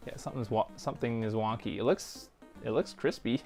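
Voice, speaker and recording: A man streaming a hardware repair, thinking aloud in a quiet, offhand way and dropping jokey asides as he works. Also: medium pitch, fairly quick, creaky, soft background music. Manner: mutters to himself, thinks aloud while working. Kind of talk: casual live-stream commentary while soldering.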